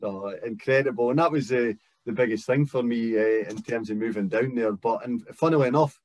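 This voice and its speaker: A Scottish footballer in his thirties talks as a guest in a casual chat. His medium-pitched, darkish voice moves a little fast in a dry recording, and he sounds reflective and careful, with many fillers.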